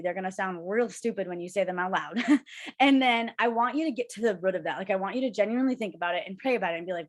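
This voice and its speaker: Brief: young woman co-host, rapid chatty delivery, bubbly and rambling, video call. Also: mid-range voice. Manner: fast, bubbly, rambling with many "like"s. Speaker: podcast co-host. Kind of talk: casual chat.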